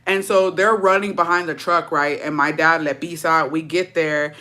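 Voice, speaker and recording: Young woman storyteller with a bright, ringing voice. Swears freely, mixes in Spanish, and tells the story in a dramatic, animated way. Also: low voice, moderate pace. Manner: profane, slangy, mixes in Spanish phrases. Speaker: storytime vlogger. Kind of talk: casual storytime.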